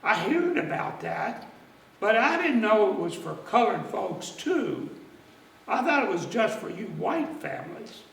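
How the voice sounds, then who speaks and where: A man's voice: sits high, sing-song, a little slow, gravelly, fairly bright tone, roomy sound, recorded from a distance, a little hiss or hum, heavily acted. A man voicing a humble poor neighbor farmer, hesitant and deferential.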